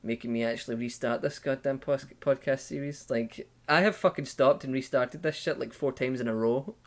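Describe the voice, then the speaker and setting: Swearing Scottish podcast host. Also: male voice, medium pitch, normal speed. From Scotland. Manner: swears freely, joking and teasing. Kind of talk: casual podcast chat.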